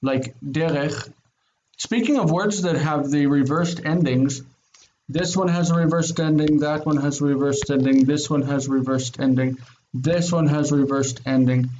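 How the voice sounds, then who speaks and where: A man teaches Hebrew grammar over a call, his voice sitting a little high for a man as he spells out each form patiently and repeats it. He keeps checking in with his students. The sound is dull and lo-fi, with a faint hiss underneath. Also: unhurried, a little mellow. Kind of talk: online grammar lesson.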